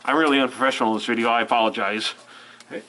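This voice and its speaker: A man's voice: mid-range voice, very fast, bright, forceful tone, rough recording. Rambling man reviewing a film, with a cold. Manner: rambling, self-interrupting. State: fighting a cold. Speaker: movie reviewer.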